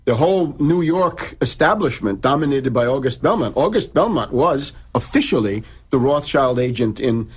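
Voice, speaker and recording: Lecturing man with a husky voice. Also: medium pitch, lively intonation, moderate pace, few pauses. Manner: lecturing, frequent restarts and repeated words. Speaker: in-studio guest author and researcher. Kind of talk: talk radio interview. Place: radio studio.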